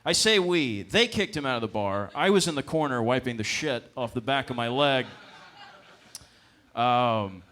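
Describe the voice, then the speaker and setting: A man's voice: mid-range voice, animated, normal speed, a bit bright. A young man telling a loose, profane stand-up story on a comedy club stage into a handheld mic.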